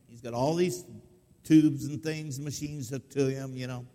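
The long reverb of a hall surrounds a pastor as he tells a folksy story in his sermon, talking conversationally and frequently asking his listeners questions. His voice has a medium pitch, a warm tone, and a normal speed.

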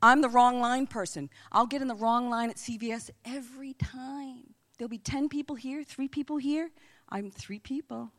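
A woman's voice: fairly high pitch, moderate pace. A middle-aged woman sharing a faith testimony in a chatty, earnest storytelling style. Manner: chatty, acts out quoted voices in dialogue. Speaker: Christian speaker.

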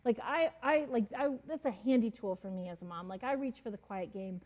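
Mom leading a casual Bible lesson; higher, mellow voice, chatty and animated. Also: female voice, brisk, lo-fi sound. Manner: chatty, many fillers, laughs often, acts out quotes. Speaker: Bible teacher and mother. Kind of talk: casual devotional Bible teaching.

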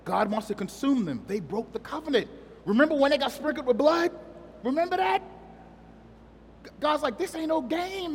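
A man's voice: very high voice, big-room sound, a little hiss or hum. A man preaching a sermon in a conversational, joking way, asking the congregation questions.

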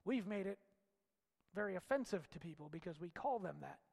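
Male preacher, high voice, impassioned delivery in a reverberant hall. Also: animated, a little fast, creaky. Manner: impassioned, swings from loud shouts to hushed low lines. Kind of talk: sermon.

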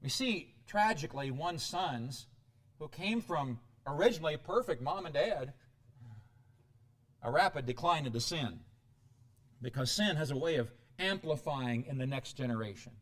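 A middle-aged pastor delivers a sermon in a high, lively voice at a normal speed. He swings from hushed asides to sudden loud outbursts, his pitch jumping and falling as he drives each point home.

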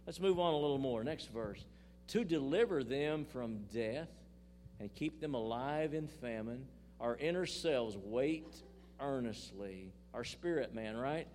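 A man's voice: mid-range voice, expressive, measured pace, a little mellow, slight background noise. An older man preaching a sermon, reading scripture with emphasis and making folksy asides to his congregation. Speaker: pastor.

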